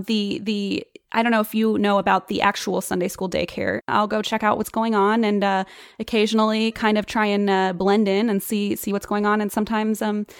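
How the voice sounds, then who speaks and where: Brief: woman playing an earnest, rambling dog-ministry lady, halting with fillers, dry studio sound. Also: mid-range voice, clear, resonant tone, no room sound, natural voice. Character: earnest woman running a church dog daycare. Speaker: guest. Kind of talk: improvised comedy podcast.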